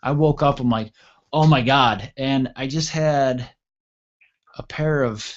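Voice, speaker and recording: A man in his thirties hosts a radio show and tells a crude story with animated energy, acting out the other voices as he goes. His voice sits at an ordinary middle pitch. The audio is dull and lo-fi. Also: unhurried. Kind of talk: casual storytelling chat.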